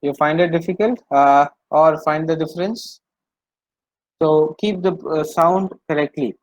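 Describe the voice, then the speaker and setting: A man's voice: on the high side, fairly even intonation, measured pace, no room sound, low-quality recording. A man teaching French in an online class, explaining patiently, repeating himself and using many fillers over a video call.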